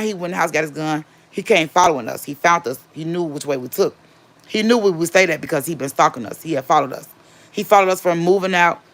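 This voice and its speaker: A woman casually telling a personal story, animated and repeating herself for emphasis. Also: sits low. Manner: acts out quotes of others.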